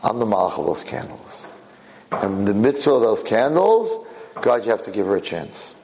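A tiny male guardian angel, as a man telling a story puts him on, earnest and pleading. The voice is low and gravelly, hardly changed from the teller's. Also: big pitch swings, normal speed, darkish tone, in a large hall, low-quality recording.

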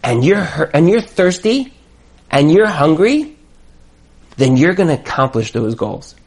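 Male marriage coach, preacher-like and repetitive, with a voice that swings widely in pitch. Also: sing-song, unhurried, a little mellow, breathy edge. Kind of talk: motivational talk.

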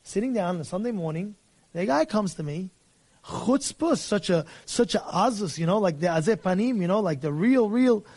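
High-voiced scolding rabbi. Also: male voice, normal speed. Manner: animated and scolding, with rhetorical questions and acted-out dialogue; mixes Hebrew and Yiddish religious terms into English. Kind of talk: fiery mussar sermon.

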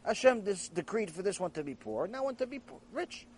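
A man's voice: sits high, very animated, fairly quick, a little hiss or hum. A man teaching a Torah lecture, telling stories and asking rhetorical questions, repeating phrases for emphasis. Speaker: rabbi teaching a lecture series.

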